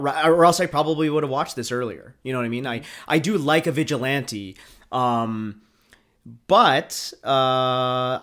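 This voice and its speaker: A man from Canada co-hosting a movie podcast in relaxed, hesitant casual chat. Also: medium pitch. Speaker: podcast co-host.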